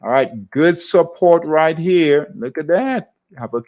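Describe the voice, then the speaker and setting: A man with a slightly high, expressive, darkish voice speaks slowly, and the highs in the audio are cut off. He hosts a live trading class, chatting through charts and repeatedly checking with his viewers, "all right?"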